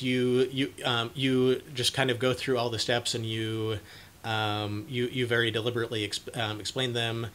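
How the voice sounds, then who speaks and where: A young man giving casual advice to camera, speaking haltingly with many fillers and restarts, and growing animated when he acts out an excited parent. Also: fairly low pitch, slight background noise. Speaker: video presenter on cluttering.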